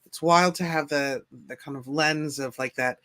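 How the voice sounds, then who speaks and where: A woman's voice: low voice, moderate pace, a bit bright. A woman hosting a podcast, chatting casually in a gushing, jokey way. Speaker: podcast host.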